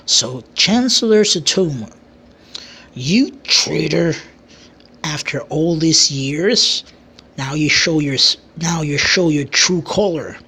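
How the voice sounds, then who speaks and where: A narrator voicing a stern king who scolds and sentences his traitor brother in a homemade fantasy story, giving slow commands. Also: mid-range voice, lively intonation, pushed and bright, breathy edge, exaggerated voice.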